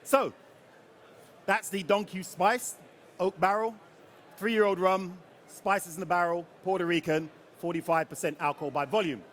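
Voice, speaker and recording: A man with a high, bright-sitting voice runs a live tasting session on stage, quizzing the crowd and cracking jokes. He talks in a loose, chatty way and keeps the audience involved. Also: fairly even intonation, normal speed. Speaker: rum ambassador leading a tasting.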